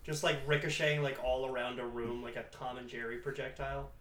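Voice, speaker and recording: Young male co-host, bright edgy voice, playful banter, echoey room. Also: mid-range voice, steady tone, fairly quick. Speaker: podcast co-host. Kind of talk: casual podcast chat.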